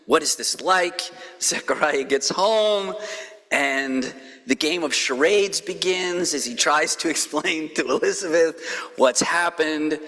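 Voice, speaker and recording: Male pastor, lively bright voice, slow unhurried delivery, church hall reverb, conversational sermon. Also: on the high side. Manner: animated storytelling with playful quoted voices. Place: church sanctuary.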